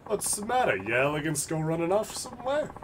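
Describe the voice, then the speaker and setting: A man voicing a crude, mocking street thug who taunts loudly, with game music behind. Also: a little high, very animated, brisk, noisy background, pitched above the performer's own voice. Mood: taunting. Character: brash mocking young male street thug.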